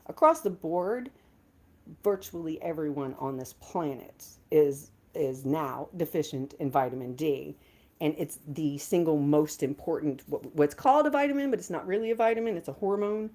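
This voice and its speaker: Woman, 50s, livestream host. Low-pitched, very animated delivery, chatty and effusive with viewers. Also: normal speed. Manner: chatty, greets viewers with bursts of excitement. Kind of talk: casual livestream chat.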